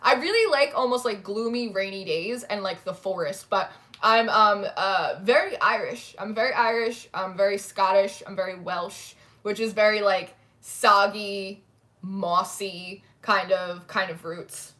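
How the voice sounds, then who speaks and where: A woman's voice: medium pitch, a little slow, fairly bright tone. Chatty woman hosting a livestream. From New Jersey, USA. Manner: chatty, says "like" a lot. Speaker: tarot livestream host. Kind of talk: casual chat reading live comments.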